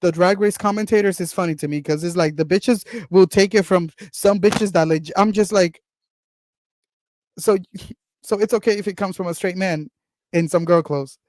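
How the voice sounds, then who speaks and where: A man's voice: high voice, moderate pace, a little mellow, dry recording, clean studio sound. A man hosting a podcast, chatting bluntly and animatedly and laughing often. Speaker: podcast host and executive producer. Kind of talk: casual chat.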